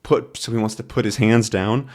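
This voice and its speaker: A man's voice: lowish voice, steady tone, moderate pace. A man teaching English by reading a comic aloud, patiently explaining words and often checking in with "right?".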